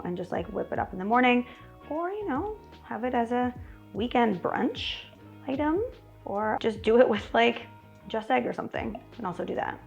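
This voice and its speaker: Chatty woman with a gravelly edge. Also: mid-range voice. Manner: chatty and wry, talking through each step. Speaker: cooking channel host. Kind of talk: casual cooking demonstration. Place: home kitchen at the stove.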